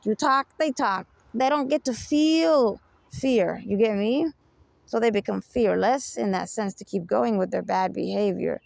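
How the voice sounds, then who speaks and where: Self-help speaker, woman, slightly high and gravelly, emphatic unscripted monologue, dry close sound. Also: dry recording. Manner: emphatic, keeps asking "you get me?".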